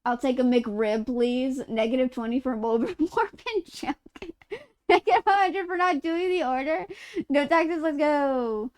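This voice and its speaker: Woman streamer from Utah, high and clear, loose rambling storyteller who swears and laughs through it. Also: normal speed. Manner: rambling, profane, laughs mid-sentence. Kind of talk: casual live-stream chat while gaming.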